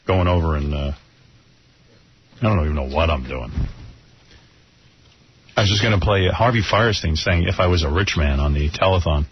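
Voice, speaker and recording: A man's voice: low-pitched, moderate pace, long pauses, slight background noise. A male radio host in crude, joking casual chat. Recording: muffled radio broadcast.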